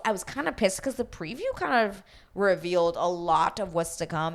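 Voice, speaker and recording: A woman casually recapping a reality show, animated and swearing freely as she acts out quotes. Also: on the low side.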